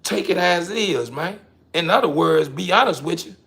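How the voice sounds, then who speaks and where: A man hosting his own show, delivering a casual, emphatic monologue to the camera that he keeps repeating himself through, swinging between loud and quiet. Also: sits high, lively intonation, moderate pace, vocal fry, breathy edge.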